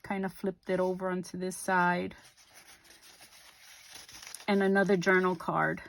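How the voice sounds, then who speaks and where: A middle-aged woman talks through a crafting project in a slow, unhurried way. She fills pauses with ums and corrects herself as she goes, in a casual, homey narration. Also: fairly low pitch, creaky. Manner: relaxed and unhurried, with frequent ums and small self-corrections. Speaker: craft video host.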